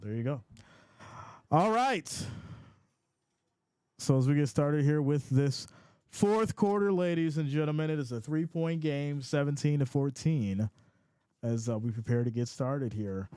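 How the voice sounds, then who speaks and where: A man hosting a casual live sports reaction stream, reading chat comments aloud in a playful, animated way. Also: on the high side, moderate pace, clear, resonant tone, no echo. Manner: animated and playful, often laughs.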